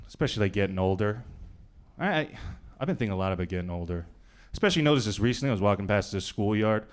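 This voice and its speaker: Conversational male stand-up with lively pitch. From New York. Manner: conversational, deadpan delivery with bursts of acted voices. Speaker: stand-up comedian. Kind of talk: stand-up comedy set. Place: comedy club stage before a live audience. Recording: live club recording with audience noise.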